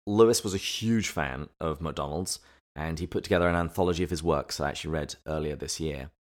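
A man co-hosting a casual podcast, summarizing chapters and reflecting on them in a relaxed, thoughtful way. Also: extremely low pitch, fast. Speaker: podcast co-host. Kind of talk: casual book-discussion podcast.

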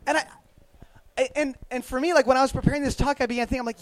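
A man's voice: extremely high pitch, fairly even intonation, rapid-fire, dry recording, poor audio. A man, a youth minister, giving a casual, chatty faith talk, laughing often and putting questions to the audience.

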